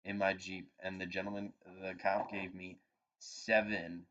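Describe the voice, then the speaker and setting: A man in his twenties, a podcast co-host telling a long anecdote in a casual, animated and profane way. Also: low voice, normal speed. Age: 20s. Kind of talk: casual storytelling chat. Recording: dull lo-fi podcast audio.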